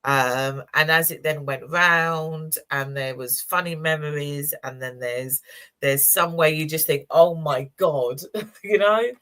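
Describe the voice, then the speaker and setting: A woman in her sixties with a low voice takes her time as she co-hosts a community chat show. In this casual chat she shares personal stories warmly and emotionally, laughing along the way.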